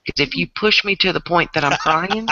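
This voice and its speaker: A woman's voice: fairly low pitch, brisk, bright, forceful tone, dry recording. An older woman with a Southern US accent, talking in a feisty, emphatic, folksy way in a casual group chat. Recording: dull, dry sound.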